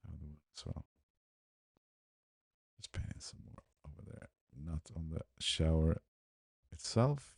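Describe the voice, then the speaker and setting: Very deep and unhurried, this man's voice has vocal fry, a breathy edge and long pauses. He walks through photo edits on screen in a relaxed way, frequently mumbling to himself, with a clean, echo-free studio recording.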